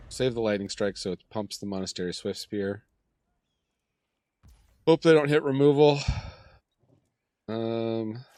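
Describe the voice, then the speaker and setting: A man with a hoarse, sick voice hosting a channel and chatting casually through gameplay, thinking aloud. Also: fairly low pitch, no room sound. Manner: chatty, thinks aloud, self-deprecating laughs. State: hoarse from a cold. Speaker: gaming channel host.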